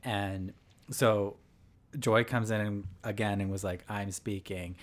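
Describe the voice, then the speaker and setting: A man's voice: fairly low pitch, fairly even intonation, slow. A man co-hosting a podcast in casual chat, explaining things with frequent fillers. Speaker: podcast co-host.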